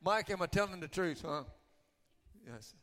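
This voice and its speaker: Animated pastor in a reverberant hall. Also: male voice, high voice, a little slow. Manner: animated testimony, swings from loud to hushed. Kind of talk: sermon storytelling.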